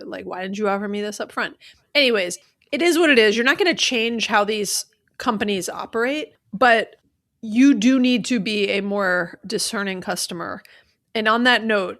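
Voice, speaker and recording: A woman's voice: mid-range voice, creaky, a bit bright. A woman co-hosting a money podcast, chatting casually with lots of fillers and acting out sample call scripts. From American South. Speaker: podcast co-host. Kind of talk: casual chat.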